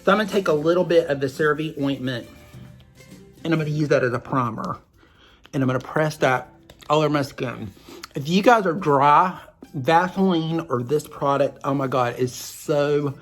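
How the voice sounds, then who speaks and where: Soft music plays behind this man, whose Southern-twanged voice runs on the high side at a moderate pace. Hosting a makeup vlog, he rambles through a chatty beauty tutorial with frequent asides to viewers.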